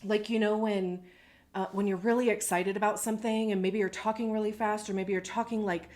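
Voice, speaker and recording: A woman giving a casual tarot reading to camera, talking in a reflective way, often pausing to search for words. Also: mid-range voice, steady tone, a little mellow. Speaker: tarot reader.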